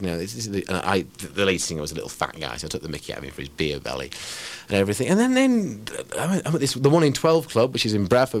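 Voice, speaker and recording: Rambling English poet, self-mocking. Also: male voice, lowish voice. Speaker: performance poet. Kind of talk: casual interview chat.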